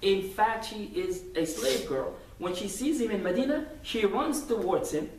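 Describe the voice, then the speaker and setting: Guy preaching a sermon, kinda high voice, echoey room, mic far off, lots of laughing and acting stuff out. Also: slight background noise. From United States. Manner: animated, acts out little scenes, laughs often. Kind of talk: Friday sermon.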